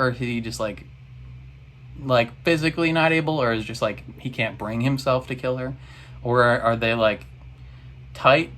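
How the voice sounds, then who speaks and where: A man's voice: medium pitch, a bit bright, a little hiss or hum. A man in a casual reaction video, recapping an episode in a rambling, exasperated way.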